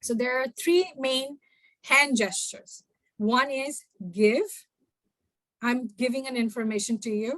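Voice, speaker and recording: A young woman giving a workshop talk, addressing the audience directly in an animated way. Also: high voice, measured pace, dry recording. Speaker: workshop speaker. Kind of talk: workshop talk mixing two languages.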